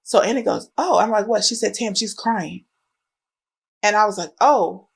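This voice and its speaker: Pregnant woman telling an animated story. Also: mid-range voice, a little fast, creaky, breathy edge. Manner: animated storyteller acting out quoted voices. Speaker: podcast co-host. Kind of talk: casual chat, storytelling.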